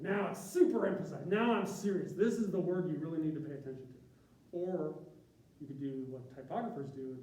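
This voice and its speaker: A man's voice: a little high, dark tone, slight background noise. A man who works as a graphic designer, giving an informal presentation to a group in a conversational, rambling way with tangents and restarts. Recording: echoey room from a distance, faint ambience.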